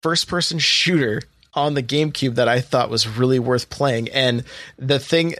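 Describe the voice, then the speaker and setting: Speaking at normal speed, a man with a medium, bright voice and forceful tone runs a laid-back podcast. He reads sale prices between lots of filler words and chatter, and the recording is dry.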